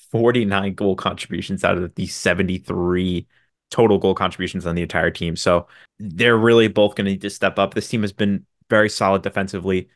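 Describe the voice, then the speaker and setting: A man with a lowish voice co-hosts a casual sports podcast, laying out fixtures and player numbers at a brisk clip. His jokes come out dry and sarcastic. The sound is close and dry, with no room around it. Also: no room sound. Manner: brisk, stat-heavy, with dry sarcastic asides. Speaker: podcast co-host.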